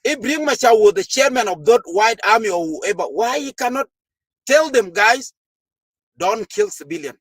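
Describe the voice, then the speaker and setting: Man, high voice, dry close sound, fiery party official asking rhetorical questions. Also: expressive, normal speed, no room sound. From South Sudan. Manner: fervent, rhetorical questions, frequent hesitations. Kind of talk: impassioned political speech to a gathering.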